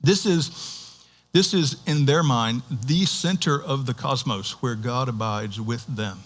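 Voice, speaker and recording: A male pastor giving a sermon in a conversational, animated way, with restarts and rhetorical questions to the congregation. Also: mid-range voice, slow. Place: church.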